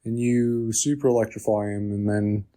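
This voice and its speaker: A man's voice: fairly low pitch, steady tone, moderate pace, dark tone. A man co-hosting a gaming podcast, chatting casually with sarcastic asides and frequent laughs. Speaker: podcast co-host.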